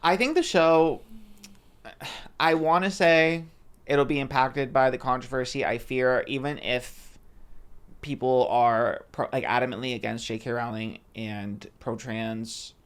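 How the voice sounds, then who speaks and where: A man chatting as a podcast co-host, his pitch sitting right in the middle. He talks things through thoughtfully, softening points with "I think" and "like". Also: steady tone, a little slow, clear, resonant tone. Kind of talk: casual chat.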